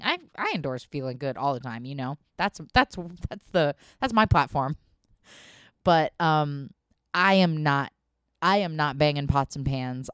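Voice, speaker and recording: A woman with a low, smooth voice hosts her podcast in a loose, candid monologue, pausing on ums and restarting her sentences. The sound is close and dry, with no room around it. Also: no echo. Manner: candid, chatty, swearing, frequent ums and self-restarts. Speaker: podcast host.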